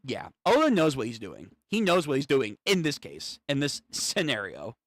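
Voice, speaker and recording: A man streaming a live manga reaction, thinking aloud, swearing and getting excited as he reads. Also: medium pitch, normal speed, no room sound.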